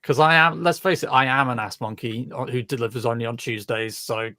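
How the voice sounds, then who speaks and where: A man talks on a casual livestream call. His voice is gravelly and sits in a mid range. The sound is dry and close, and he rambles in a self-deprecating way. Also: mid-range voice, steady tone, brisk, bright, forceful tone, dry recording. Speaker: livestream host. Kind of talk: casual group chat.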